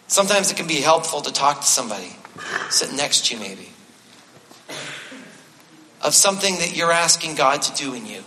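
A male pastor delivers a sermon in a conversational style, slipping in light self-deprecating humor and repeating his main points for emphasis. His voice sits a little high and sounds bright and forceful. It rings out with the long reverb of a large church hall. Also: a little hiss or hum. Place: church sanctuary.

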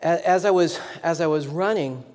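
A man's voice: a little high, normal speed, darkish tone. A man preaching a sermon as a pastor, telling a story in a rambling, self-deprecating way with many restarts. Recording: long echoing hall reverb.

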